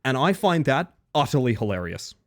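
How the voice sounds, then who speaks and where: A man's voice: medium pitch, big pitch swings, normal speed. A male streamer chatting casually on a live stream, teasing and joking with frequent swearing.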